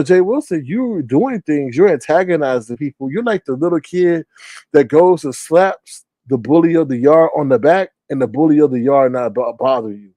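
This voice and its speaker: A man streaming his commentary, his voice sitting a little high and recorded close and dry with no room sound. He talks in an animated, slangy way and keeps mimicking other people in high, squeaky voices. It comes across as loose, unscripted streamer talk. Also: no room sound. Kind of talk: casual livestream commentary.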